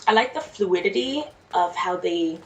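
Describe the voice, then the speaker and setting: A woman's voice: on the low side, lively intonation, normal speed. A woman with a Jamaican accent giving casual, chatty commentary while playing a game. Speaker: let's play streamer. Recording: distant mic with faint noise.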